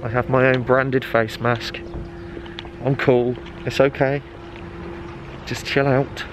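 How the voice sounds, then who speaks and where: A man's voice: medium pitch, flat delivery, slow pace. Jokey man vlogging amid traffic. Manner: jokey, banters with himself, chatty. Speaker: fitness vlogger. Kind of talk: casual vlog chat. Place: outdoor car park and supermarket. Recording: noisy outdoor traffic ambience.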